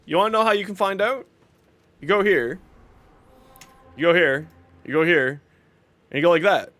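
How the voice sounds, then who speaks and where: A man's voice: high-pitched, normal speed, a bit bright. A man hosting a casual game livestream, greeting viewers by name and joking as he plays. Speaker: livestream gamer.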